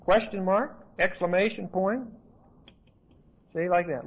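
A man's voice: high voice, moderate pace, husky. A man teaching a Bible study in an emphatic, repetitive, conversational way. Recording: dull lo-fi recording.

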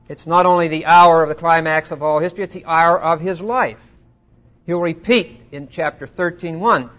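Bible teacher, man, slightly high voice, chatty lecture that swells on scripture, asks the room questions. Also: moderate pace. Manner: conversational, swelling louder on scripture quotes. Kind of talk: Bible study sermon.

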